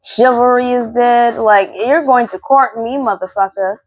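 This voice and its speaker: A woman's voice: fairly high pitch, fairly even intonation, a little slow. A woman in her thirties hosting a solo podcast, ranting bluntly and with lots of swearing. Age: 30s. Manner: blunt, profane, exasperated ranting. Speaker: podcast host.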